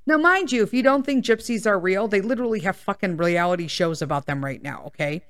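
A woman's voice: mid-range voice, fast. A woman from the Chicago area hosting a podcast, telling a personal story in a casual, rambling way, full of swearing and tangents. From Chicago area, USA. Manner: swears a lot, rambling tangents, keeps checking in with "okay?" and "right?". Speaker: podcast host.

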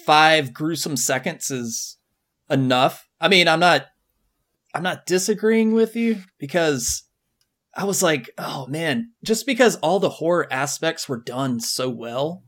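Male podcast co-host, laid-back and conversational, slightly high voice. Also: a little slow, fairly bright tone. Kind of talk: casual movie review chat.

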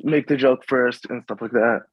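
A young man from the Washington, DC suburbs talks in loose, halting bursts, packing his sentences with fillers and restarts. His voice sits at a middling pitch. The recording is dry and slightly muffled, with a lo-fi dullness. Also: steady tone, breathy edge, no room sound. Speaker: guest. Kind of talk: casual conversation.

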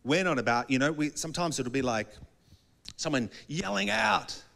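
A man preaching with a slightly higher voice than most men. He talks loosely and conversationally, and he often acts out little back-and-forth dialogues as he goes. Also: expressive, normal speed, vocal fry, bright, forceful tone. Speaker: pastor. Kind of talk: sermon.

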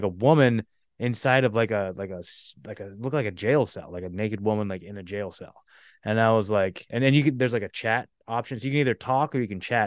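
A man's voice: on the low side, clear, resonant tone, no room sound, clean studio sound. A man hosting a podcast, telling a story casually with lots of fillers and restarts. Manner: rambling, many fillers and restarts. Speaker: podcast host.

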